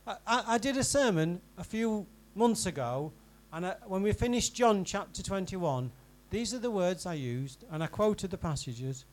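A man preaching a sermon in a church, in a conversational style that swings from emphatic to quiet and intimate. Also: high-pitched, lively intonation, normal speed, hardly any pauses, rough recording. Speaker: pastor.

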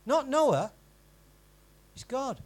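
A man preaching a sermon in a church, in a conversational style that swings from emphatic to quiet and intimate. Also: very high-pitched, big pitch swings, drawn-out words, poor audio. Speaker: pastor.

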